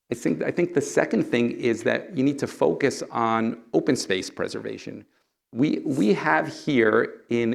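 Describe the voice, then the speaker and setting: Gravelly middle-aged man, campaign town hall answer, emphatic, rhetorical questions, keeps asking "okay?". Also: on the low side. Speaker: candidate for governor at a town hall.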